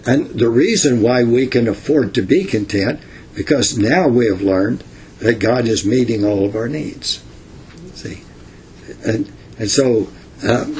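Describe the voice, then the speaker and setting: Older man, Bible teacher, slow folksy delivery, mid-pitched. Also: darkish tone, a little hiss or hum. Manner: folksy and unhurried, with many fillers and asides.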